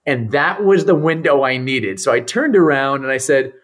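As a guest on a podcast, this mental performance coach, a man with a medium-pitched voice at a normal pace, brings a story to life by voicing the people he quotes.

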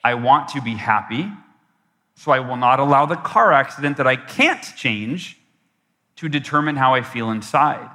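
A man's voice: mid-range voice, animated, moderate pace, sharp tone. A man giving a motivational keynote and telling a story, acting out his own past voice with big swings. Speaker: keynote speaker. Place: large event hall. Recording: long hall reverb from a live event.

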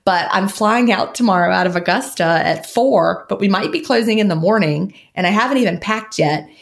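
Chatty, fast-talking woman podcast host. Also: mid-range voice, expressive, gravelly. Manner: chatty, laughs often, rambling with restarts. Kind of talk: casual chat.

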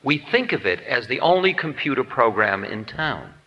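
A man teaches on the spiritual life with a lively, swooping delivery and a bright, forceful edge to his voice. He jokes at his own expense and slips into little acted voices for his stories. The sound is dull and archival, with a long hall reverb trailing every phrase. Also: mid-range voice, normal speed. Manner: playful, self-mocking humor; acts out quoted voices. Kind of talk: spiritual lecture.

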